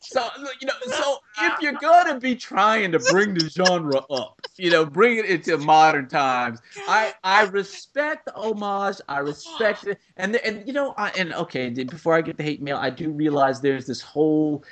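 A man's voice: high-pitched, expressive, moderate pace, hardly any pauses, a bit bright. A man ranting in a casual chat, acting out scenes in quoted voices.

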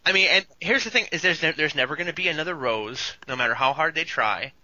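A man's voice: on the high side, fast, bright, forceful tone. A man co-hosting a casual fan podcast, talking eagerly and joking, often quoting lines in put-on voices. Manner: enthusiastic fan, jokey, quotes lines in voices. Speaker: podcast co-host. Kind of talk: casual chat. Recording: dull lo-fi recording.

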